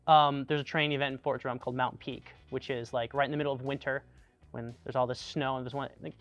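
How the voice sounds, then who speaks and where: A man's voice: medium pitch, fast talker, dry recording, faint music behind. A young man from Tucson, an army veteran, casually telling anecdotes in a chatty way full of "like" and restarts. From Tucson, Arizona, USA. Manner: animated, chatty, lots of "like" and restarts.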